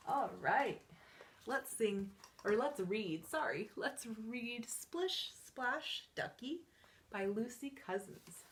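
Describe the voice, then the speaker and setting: Lively, slow-paced storytime librarian woman. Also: on the high side, slight background noise. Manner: animated sing-song delivery, with gasps and counting along. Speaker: children's librarian. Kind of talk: reading picture books aloud to young children.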